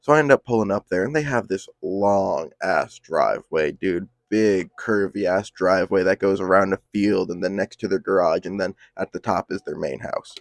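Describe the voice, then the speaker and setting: A young man with a low, gravelly voice rambles through a casual storytime, heavy on slang and swearing. The sound is dry and close. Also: normal speed, few pauses, dry recording.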